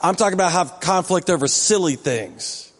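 Joking pastor preaching in an echoing hall. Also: male voice, sits high, animated, normal speed, soft background music. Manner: conversational, joking asides to the congregation. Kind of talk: sermon. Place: church sanctuary.

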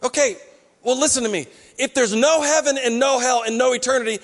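High-voiced preaching man in a reverberant hall. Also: fairly quick, fairly bright tone. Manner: conversational preaching, acts out quoted voices. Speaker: pastor. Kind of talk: sermon. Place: church hall.

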